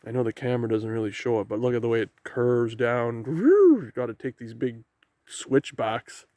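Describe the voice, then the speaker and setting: A man from Canada hikes downhill along a rainy woodland trail to the ocean, chatting to his camera in a rambling, casual vlog about what he sees. His mid-range voice is brisk and darkish with little pitch movement, and faint rain and waves can be heard outside.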